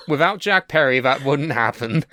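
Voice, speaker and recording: A man's voice: medium pitch, pushed and bright, slight background noise. A young man co-hosting a podcast in casual, sweary and wry chat about wrestling, sharing strong opinions. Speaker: podcast co-host.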